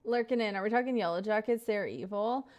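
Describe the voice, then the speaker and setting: A woman's voice: mid-range voice, a little fast, a little mellow, dull audio. A young woman in her twenties chatting casually on a live stream, greeting viewers by name and rambling through stories.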